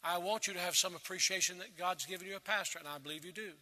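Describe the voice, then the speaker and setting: A pastor, a man with a very bright, slightly high voice, preaches earnestly to his congregation. His words ring out through a reverberant church sanctuary. He repeats phrases for emphasis. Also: quick pace. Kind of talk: sermon.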